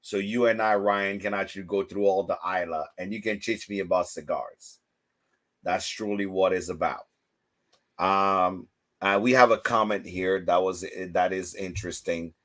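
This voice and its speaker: A man hosting a casual livestream chat, telling stories with lively, loud acted-out quotes. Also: sits low, moderate pace. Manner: animated storytelling, acts out quotes loudly. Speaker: host.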